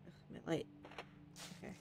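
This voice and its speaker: A woman's voice: moderate pace, a little mellow. A woman streamer playing a game, talking to herself in a chatty, casual way and laughing often.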